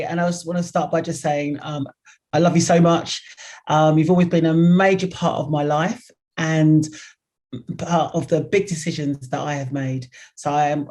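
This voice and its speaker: A woman's voice: deep voice, darkish tone. A woman PR expert giving a motivational talk, direct and earnest, coaching the listener step by step. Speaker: guest, PR expert.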